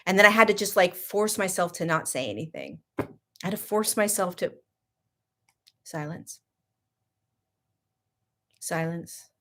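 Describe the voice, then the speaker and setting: A woman hosting a casual talk, telling a personal story in an animated, laughing way that swings between loud and hushed. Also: medium pitch, a little fast. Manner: frequent 'like' and restarts, sarcastic. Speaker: host.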